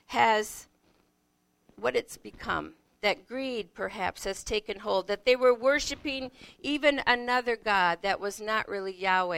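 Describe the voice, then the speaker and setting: A woman giving a reflective Bible teaching, unhurried and searching, often asking the listener questions. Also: mid-range voice, vocal fry, a bit bright, smooth, dry recording.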